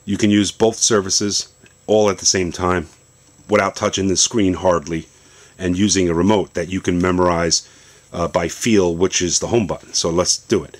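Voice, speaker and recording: A man's voice: deep voice, fairly even intonation, moderate pace. A man in a basement casually demonstrating a phone setup, rambling through his explanation with fillers and restarts. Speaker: tech video host.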